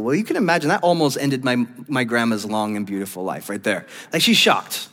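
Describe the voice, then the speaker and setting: A man's voice: mid-range voice, lively intonation, brisk, few pauses, a bit bright, in a large hall. A male pastor preaching a sermon in a church, telling stories animatedly and laughing often.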